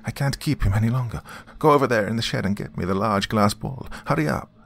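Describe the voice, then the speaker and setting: A man's voice: lowish voice, fast, vocal fry, pitched above the performer's own voice. A man doing a commanding Italian necromancer. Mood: urgent. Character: urgent Italian male necromancer.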